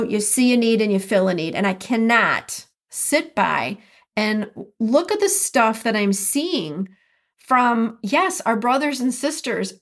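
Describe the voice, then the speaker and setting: An earnest woman hosts a solo podcast from home, talking on her own. Her voice sits a little high. She slows down and leans into key words to stress them. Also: a bit bright. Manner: earnest, reflective, speaks with slow emphatic stresses. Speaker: podcast host.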